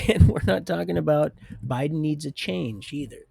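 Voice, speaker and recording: A man with a gravelly, creaky voice delivers a rambling, preachy livestream monologue and speaks straight to his viewers. His pitch sits in a middle range, and the sound is close and dry with no room around it. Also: normal speed, a little mellow, no room sound. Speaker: livestream host.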